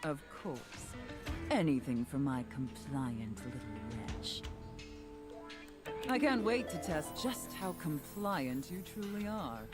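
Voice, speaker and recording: Imperious female safe character, low pitch, lively intonation, contemptuous, game voice acting. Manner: imperious, contemptuous, slow deliberate. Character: haughty domineering female safe, commanding mistress.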